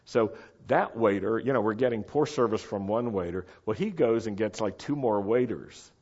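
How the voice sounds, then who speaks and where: A middle-aged man telling a story in a chatty, animated way, often checking that his listeners follow. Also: lowish voice, normal speed. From United States. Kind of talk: casual anecdotal storytelling. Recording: dull lo-fi recording.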